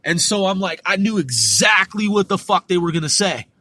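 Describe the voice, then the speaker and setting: A man's voice: sits high, animated, moderate pace, bright, forceful tone, dry recording. Rambling, profane man telling a story. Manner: rambling, profane, many restarts. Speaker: podcast host. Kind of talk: casual podcast storytelling.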